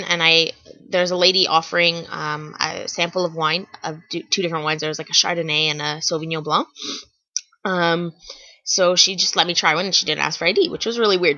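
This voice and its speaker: A woman's voice: lowish voice, bright, forceful tone, no echo, highs cut off. A young woman telling funny stories to camera in a chatty vlog, with lots of fillers and restarts. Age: young adult. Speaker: vlogger. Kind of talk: casual storytelling to camera.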